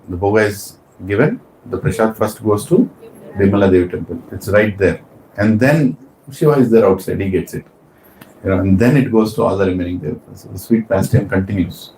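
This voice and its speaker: A man telling a sacred story as a preacher in a temple hall, animated and asking his listeners questions. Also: fairly low pitch, slight background noise. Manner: animated, asks the audience questions. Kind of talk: storytelling sermon. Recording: roomy hall with faint ambience.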